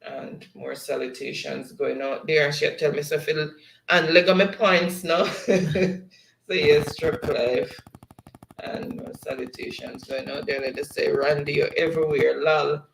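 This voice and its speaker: A man hosts a livestream and reads the chat aloud at a slow, unhurried pace, breaking into laughter again and again. His voice sits a bit high and has a gravelly edge. The sound bounces around an echoey room. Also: a bit bright, a little hiss or hum. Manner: laughs often, slow and easygoing. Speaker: livestream host. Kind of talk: reading live chat aloud.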